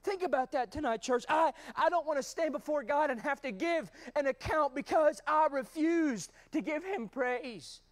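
A man preaching a sermon in a church, fervent and rising to shouts at times, calling out to the congregation. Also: extremely high pitch, moderate pace, few pauses. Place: church sanctuary.

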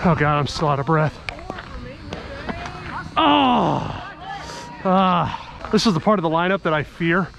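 A man vlogging his softball game outdoors, giving excitable, jokey play-by-play and cheering teammates on by nickname. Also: on the high side, slow, vocal fry, long pauses, muffled recording.

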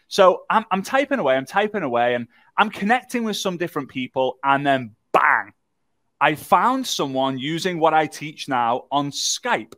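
A man gives a live online workshop. He tells a story in an animated, joking way and talks to his viewers in the chat. His voice sits a little high for a man, and it is recorded dry and close on the microphone. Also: moderate pace, dry recording. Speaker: workshop presenter.

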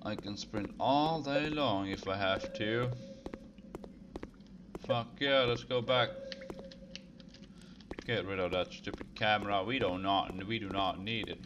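A young man giving let's play commentary, excitable and swearing, with sudden yelps and shouts. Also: lowish voice, slow pace, pauses often, dull audio, background noise. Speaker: gaming video creator. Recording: game music loud behind voice. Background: game music.

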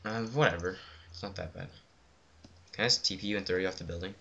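Give me a young man co-hosting a casual gameplay chat, bright and excitable, joking with a friend. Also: sits low, quick pace, dull audio. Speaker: gaming channel co-host.

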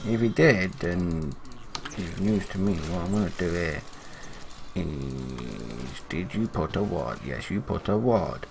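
Low-pitched young dude rambling over his game, gets excitable, faint keyboard typing behind. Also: creaky, a little hiss or hum. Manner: chatty, self-critical, excitable. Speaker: gaming commentator. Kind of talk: casual gameplay commentary.

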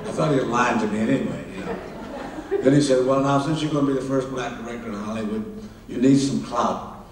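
An older man from Kansas, a film director and author, tells anecdotes on stage in a halting way, repeating words and acting out the people in his dialogue. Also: medium pitch. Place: large hall at a public event. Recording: echoey hall, distant mic, faint noise.

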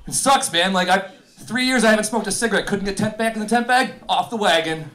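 A man's voice: high-pitched, fast talker, a bit bright. A man in his thirties doing a stand-up set on stage, telling loose, profane, self-mocking stories. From Buffalo, New York. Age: 30s. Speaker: stand-up comedian. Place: comedy venue with live audience.

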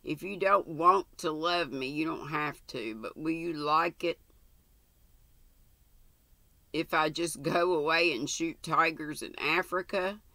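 A woman's voice: sits low, unhurried, hardly any pauses, bright, forceful tone, no echo, exaggerated voice. A woman reading aloud and voicing a small boy who is indignant, rebellious and sulky about being sent to bed early. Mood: defiant.

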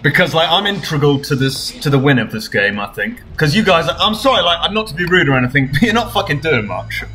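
A young man giving live gameplay commentary, his high voice swinging wildly as he swears and shouts at his teammates. The tone is bright and cutting. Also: fast, faint music behind. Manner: excitable, swearing, yelling at teammates. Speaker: streamer.

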